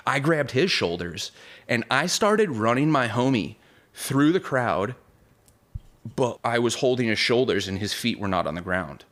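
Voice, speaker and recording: A man's voice: lowish voice, a bit bright. Rambling young man telling a wild story. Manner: rambling, full of "like", "dude" and "bro", acts out voices in the story. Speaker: podcast guest. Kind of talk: casual storytelling.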